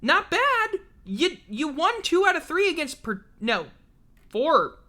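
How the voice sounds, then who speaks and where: A woman's voice: extremely high pitch, very animated, slow, bright, forceful tone. A woman hosting a casual livestream sports show, ranting in an exasperated, profane way. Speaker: sports talk show host.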